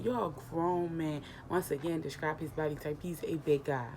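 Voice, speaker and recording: A young woman vlogger casually retelling a personal story, animated and emotional, acting out the dialogue. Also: low voice, normal speed, slight background noise.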